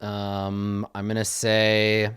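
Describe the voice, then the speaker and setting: A man's voice: lowish voice, monotone, very slow, a bit bright, clear, resonant tone. A man running a tabletop game as game master, talking casually and thinking aloud as he sets rules.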